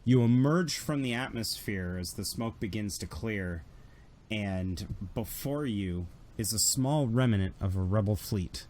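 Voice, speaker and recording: A man narrating a tabletop game as game master in a casual, animated storytelling way. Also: fairly low pitch, measured pace, a little hiss or hum.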